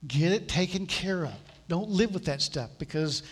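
A man's voice: high voice, lively intonation, normal speed, slightly rough. A man preaching a sermon in a conversational, storytelling way, acting out the voices of the people he quotes. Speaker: pastor.

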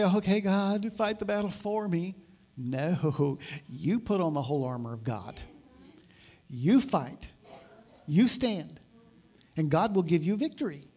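Brief: male pastor, high-pitched, conversational sermon that swells into exhortation. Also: slow, long pauses, a little mellow. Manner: conversational preaching, rising to emphatic exhortation.

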